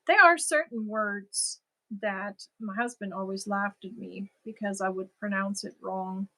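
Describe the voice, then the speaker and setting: A woman's voice: medium pitch, a little slow, bright, forceful tone. A woman with a German accent, a native German speaker, chatting casually with viewers as host of a crochet livestream, answering comments and laughing at herself.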